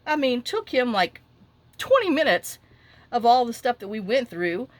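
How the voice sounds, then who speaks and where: A woman's voice: on the high side, moderate pace, no room sound. Chatty middle-aged woman. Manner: rambling, lively retelling with frequent asides. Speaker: crafting vlogger. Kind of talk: chatty storytelling while crafting. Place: home craft desk.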